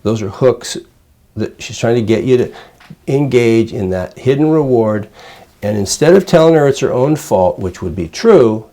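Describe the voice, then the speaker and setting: An older man, a child psychiatrist, calmly explaining parenting techniques to a parent in plain, conversational teaching. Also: mid-range voice, moderate pace. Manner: calm, explanatory, plain-spoken. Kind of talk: conversational teaching with role-play examples.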